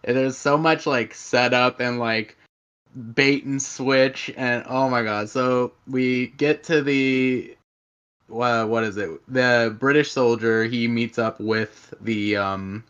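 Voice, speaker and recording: A man's voice: medium pitch, fairly even intonation, slow, a bit bright, clean tone. A man co-hosting a podcast, chatting enthusiastically and rambling about a favorite film. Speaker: podcast co-host. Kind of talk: casual chat about a film. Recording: slightly dull lo-fi sound.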